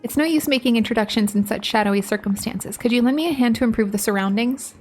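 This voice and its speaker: A woman's voice: a little high, fast, a little hiss or hum, close to an everyday voice. A woman reading aloud the lines of a courteous male enchanted candelabra servant in her own voice, without any accent. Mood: polite. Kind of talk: reading game dialogue aloud.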